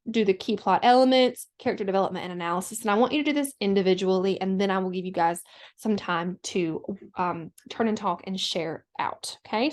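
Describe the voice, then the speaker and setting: The teacher, a woman with a mid-range voice, explains each step to her students in a recorded lesson; she stays steady and instructive, though fillers crop up often.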